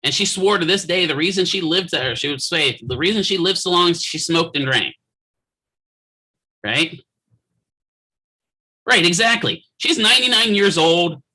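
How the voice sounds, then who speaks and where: Bright, forceful, and slightly rough, this man's high-pitched voice moves at a moderate pace with long pauses over poor audio. He's in his office lecturing students on physical therapy, joking and telling anecdotes while checking in through frequent rhetorical questions.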